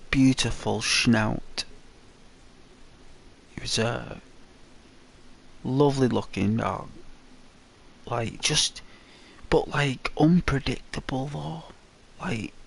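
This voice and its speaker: A man's voice: medium pitch, vocal fry, fairly bright tone. A man giving casual, rambling commentary heavy with fillers. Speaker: gaming commentator.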